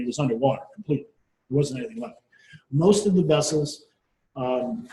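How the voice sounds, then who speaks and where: A man delivers a conference presentation in a loose, conversational way, often restarting his sentences. His voice sits a little high yet sounds mellow. The room around him is echoey. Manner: conversational, with frequent restarts and fillers. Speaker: marine surveyor speaking at a workshop.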